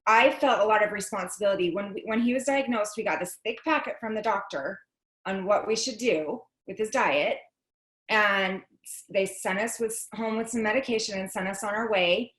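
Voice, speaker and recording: A woman's voice: medium pitch, moderate pace, a bit bright, roomy sound. A woman telling her personal story on a video call, chatty and full of fillers and restarts.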